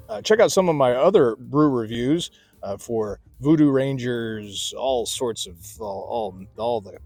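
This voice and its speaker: A man's voice: mid-range voice, husky, no room sound. A middle-aged man hosting a casual beer review outdoors at night, talking in a chatty, folksy way with rambling asides. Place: outdoor beer garden at night under a spotlight.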